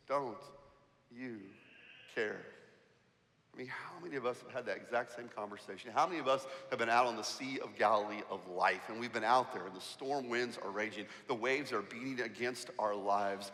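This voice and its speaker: A man preaching a sermon as pastor, emphatic and animated, asking the congregation rhetorical questions. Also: mid-range voice. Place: church sanctuary. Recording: church hall with long reverb.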